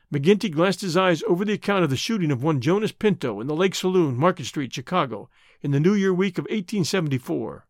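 A male narrator tells the story in a measured, expressive way, with a lively, wide-ranging pitch. His voice sits fairly high, and the recording is dry and close with no room sound. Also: dry recording. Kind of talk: scripted audiobook narration.

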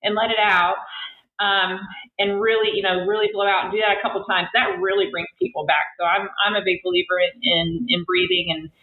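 A woman's voice: mid-range voice, flat delivery, fairly quick, echoey room, narrow, tinny audio. A woman physical therapist guest talking casually in an interview, full of fillers and restarts. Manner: chatty, many fillers and restarts.

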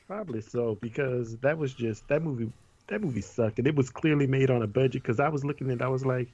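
A man from Louisiana, chatting casually as a podcast co-host, animated and emphatic, quick to laugh. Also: medium pitch, no room sound. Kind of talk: casual chat. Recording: slightly dull lo-fi sound.

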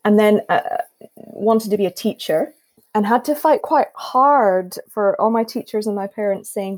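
A woman's voice: mid-range voice, a little slow, rough recording. A Scottish woman telling her story as a guest on a panel talk, acting out the quotes as she goes. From Scotland. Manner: lively storytelling with acted-out quotes. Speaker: guest musician. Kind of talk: casual panel chat.

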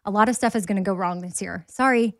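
A woman hosts a podcast in an easy, upbeat conversational way. Her voice sits at a middle pitch. The recording is dry and close. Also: fast, dry recording. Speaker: podcast host. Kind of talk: casual chat.

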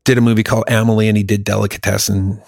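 A man's voice: lowish voice, flat delivery, rapid-fire, creaky, darkish tone, dry recording, studio quality. A man in casual chat, ranting about movies with heavy profanity.

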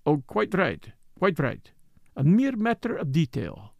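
A man reading the part of a measured, thoughtful detective. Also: on the high side, wildly swooping pitch, creaky, no echo, studio quality, heavily acted. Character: thoughtful, fussy male detective. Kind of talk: audiobook character reading.

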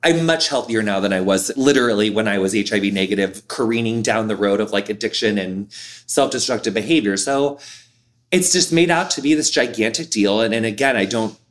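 A man in his thirties, an interview guest, talking candidly in an expressive, animated way with lots of "like". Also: fairly low pitch, brisk. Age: 30s.

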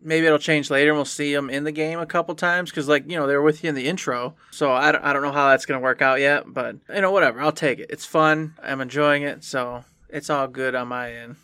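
A man's voice: a little high, steady tone, brisk, hardly any pauses, bright, forceful tone, clear, resonant tone, no echo. A man co-hosting a casual gaming podcast, easygoing and enthusiastic. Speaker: podcast co-host.

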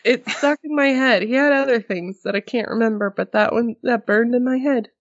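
A woman's voice: a little high, moderate pace, lo-fi sound. A woman co-hosting a podcast in casual chat, telling stories animatedly and acting out quotes. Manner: animated storytelling, acts out quotes, gasps. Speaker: podcast co-host.

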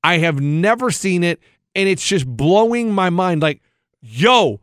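High-voiced incredulous male radio cohost. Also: unhurried, dry recording, studio quality. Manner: animated storytelling, incredulous. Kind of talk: casual studio banter.

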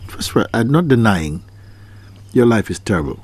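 Husky low-voiced man teaching. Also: lively intonation, brisk. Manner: questioning, repeats phrases, acts out quoted people. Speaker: spiritual teacher. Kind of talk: spiritual talk to an audience.

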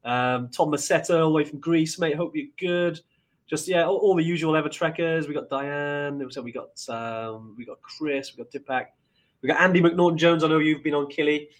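A man's voice: a little high, normal speed. A man who guides trekking trips, chatting casually and rambling with many restarts about a mountain climb. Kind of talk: casual chat.

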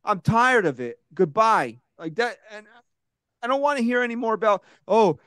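A sports podcast host with a fairly high, dry-sounding voice, talking fast and casually. He swears freely and works himself into loud, heated rants about players. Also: animated, clean tone, no echo. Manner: profane, ranting, gets loud and heated.

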